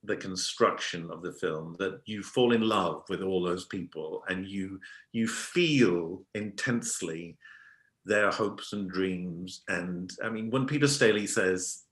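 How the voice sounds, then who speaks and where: A man's voice: low voice, slow pace, fairly bright tone. A man interviewing a filmmaker, speaking in an earnest, openly emotional way. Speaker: programmer and interviewer. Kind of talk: interview questions and commentary. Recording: roomy echo.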